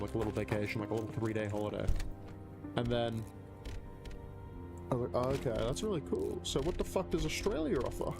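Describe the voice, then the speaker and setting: A man live streaming, casually telling a story while gaming, rambling and swearing a lot. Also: fairly low pitch.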